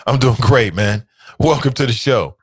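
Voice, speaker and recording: A man's voice: mid-range voice, moderate pace, husky, dry recording. A man in his thirties hosting a talk radio show, reading listener comments aloud and reacting with laughter and opinions. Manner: animated, laughing, mocks voices.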